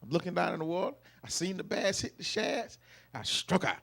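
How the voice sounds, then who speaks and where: Middle-aged man, slightly high, gravelly voice, emotional family tribute speech with folksy outbursts. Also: a little fast. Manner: emotional storytelling with folksy loud bursts. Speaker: eldest son giving a birthday tribute. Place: live family celebration event.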